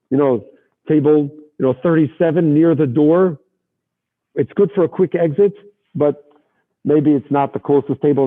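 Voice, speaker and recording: A man teaching a Torah lesson as an animated storyteller, sprinkling in Yiddish and Hebrew terms, heard over a tinny line. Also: on the high side. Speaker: rabbi teacher.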